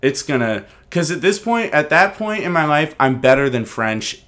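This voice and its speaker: A man's voice: a little high, big pitch swings, moderate pace, a bit bright. A man in his twenties hosting a casual chat, loose and joking, swearing freely. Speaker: podcast host.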